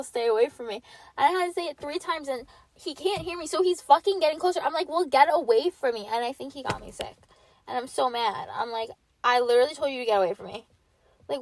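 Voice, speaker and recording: A woman's voice: a little high, darkish tone. A young woman hosting a solo podcast, chatting casually and rambling with constant filler words, her voice a bit stuffy and sniffly from a cold. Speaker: podcast host.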